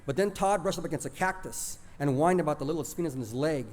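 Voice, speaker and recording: A man's voice: fairly high pitch, fast, a little mellow. A man telling a childhood story plainly, dropping in Spanish words. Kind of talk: oral storytelling of a childhood memory.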